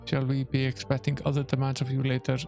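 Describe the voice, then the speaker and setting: A man's voice: mid-range voice, monotone, quick pace, darkish tone, faint music behind, close to an everyday voice. A man voicing a wry young male thief who gives dry, blunt replies as he reads game dialogue aloud. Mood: wary.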